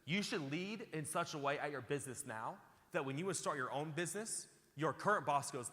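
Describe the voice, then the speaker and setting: A man's voice: a little high, lively intonation, a little fast, bright, forceful tone. A man preaching a sermon as pastor, emphatic and repeating phrases as he calls out to the congregation. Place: large church auditorium. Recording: hall reverb from a large church.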